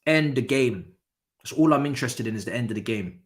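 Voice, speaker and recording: Angry man ranting, very animated. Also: medium pitch, a little fast. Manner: angry, swearing, repetitive ranting. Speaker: football fan streamer hosting a watchalong. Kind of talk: live watchalong rant.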